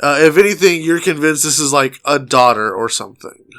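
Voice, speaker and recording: A man's voice: a little high, lively intonation, a little fast, a bit bright, faint music behind. A man from Texas, running a tabletop game as game master in a playful, laughing way.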